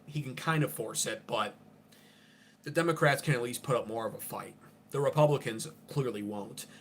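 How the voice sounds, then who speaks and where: A man's voice: mid-range voice, a little hiss or hum. A man under forty, hosting an unscripted political livestream in an abrasive, profane, ranting way.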